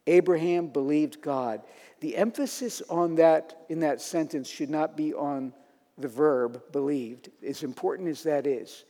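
Male pastor, sermon delivery, fairly high voice, rising to emphatic declarations, church hall echo. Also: warm tone.

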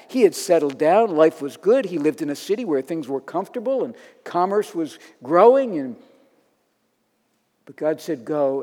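A man's voice: on the high side, darkish tone. A man preaching a sermon in a conversational, storytelling manner, acting out quotes as he goes. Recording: long reverb of a large hall.

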